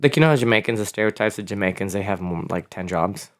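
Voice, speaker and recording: A man guest on a podcast chatting casually, telling lively stories and slipping into character voices. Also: on the low side, fast talker. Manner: animated storyteller who drops into impressions. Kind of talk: casual chat.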